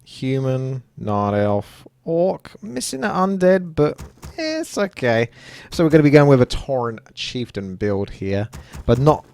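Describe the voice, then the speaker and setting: A man's voice: mid-range voice, big pitch swings, unhurried, vocal fry, darkish tone. A man giving casual, chatty gameplay commentary while he plays, joking at himself and reading viewer comments aloud.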